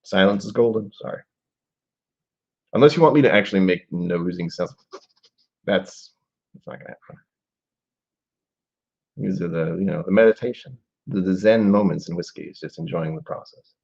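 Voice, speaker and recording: Low raspy forties guy rambling to his stream, thinking out loud, kinda muffled lo-fi sound. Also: moderate pace, pauses often. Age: 40s. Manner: musing aloud, rambling with trailing asides. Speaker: live-stream host. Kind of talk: casual live-stream whiskey tasting chat.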